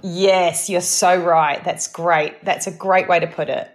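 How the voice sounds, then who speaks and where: A woman's voice: fairly low pitch, steady tone, measured pace. A middle-aged woman co-hosting a podcast, telling stories in casual, emphatic chat. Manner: chatty, emphatic, storytelling. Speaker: podcast co-host.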